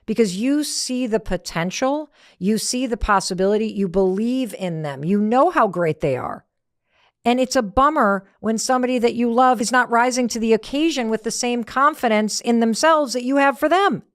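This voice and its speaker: A woman's voice: a little high, normal speed, no echo, studio quality. A middle-aged woman hosting a motivational podcast, talking in a conversational way and acting out the lines she quotes. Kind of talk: motivational talk.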